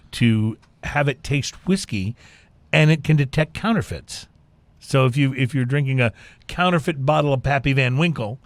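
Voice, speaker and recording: A man hosting a casual whisky-tasting talk show, speaking in a halting way with many fillers and restarts. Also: mid-range voice, no room sound. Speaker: podcast host. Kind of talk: casual chat.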